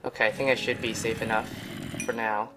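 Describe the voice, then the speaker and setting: A man giving let's play commentary, excitable and easily panicked, with yelps and repeated exclamations. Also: fairly low pitch, brisk, music in the background. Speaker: gaming channel host.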